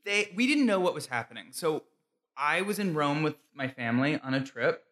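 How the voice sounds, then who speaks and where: Bright-voiced man in his thirties. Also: a little high, sing-song, normal speed. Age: 30s. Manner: chatty, laughing storyteller. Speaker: celebrity guest. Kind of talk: casual chat.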